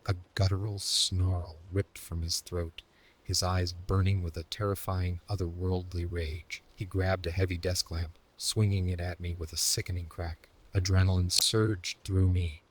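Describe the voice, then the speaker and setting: Brief: man, very low and husky voice, steady scripted horror narration.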